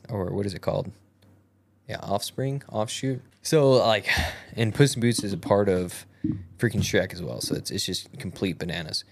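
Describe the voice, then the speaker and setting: A woman's voice: very deep voice, a little mellow. A woman co-hosting a podcast in casual chat, goofy and rambling, with many fillers and restarts. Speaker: podcast co-host.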